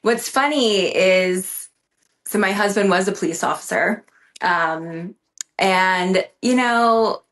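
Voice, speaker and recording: A woman guest on a podcast, telling a story in a casual, animated way and swearing freely. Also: mid-range voice, slow pace.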